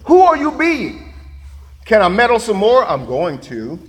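A man's voice: sits high, wildly swooping pitch, measured pace, long reverb tail. A man preaching a sermon, laughing and making asides to the congregation. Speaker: pastor.

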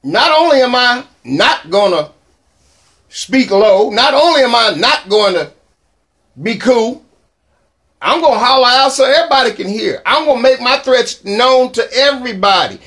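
A preacher doing a loud taunting enemy envoy. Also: male voice, very high voice, animated, heavily acted. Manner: loud hollering threats, slow and drawn out. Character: boastful menacing male enemy envoy.

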